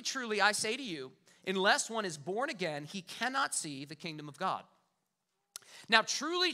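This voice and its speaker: A man's voice: very high-pitched, bright, forceful tone. A middle-aged man preaching a sermon as pastor, emphatic and conversational, repeating words for weight.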